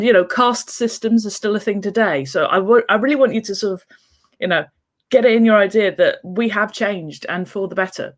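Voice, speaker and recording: A woman author talking through a casual explanatory vlog in a chatty, rambling way, with asides and restarts. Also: medium pitch. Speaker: children's book author.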